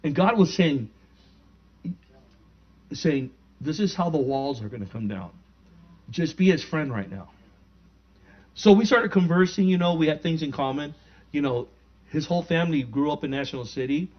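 A man delivering a sermon as a relaxed, conversational story, acting out the lines of everyone in it. His voice sits a little high for a man. The recording sounds somewhat muffled and lo-fi. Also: moderate pace, pauses often. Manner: conversational, animated retelling with quoted dialogue. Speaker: pastor.

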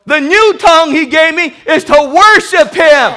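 A male pastor preaching with lots of energy, voice pitched very high and bright. He calls out hallelujah between his lines and laughs as he preaches. The delivery is animated and lively. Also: a little slow, slight background noise. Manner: animated, exclaims hallelujah and man often, laughs while preaching. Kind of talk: lively sermon.

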